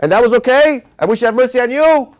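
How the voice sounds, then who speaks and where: Angry storybook townsfolk, voiced by a man hurl accusations at a cruel king in a raised, high voice. The questions come fast and sharp. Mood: accusing. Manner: accusing, scolding.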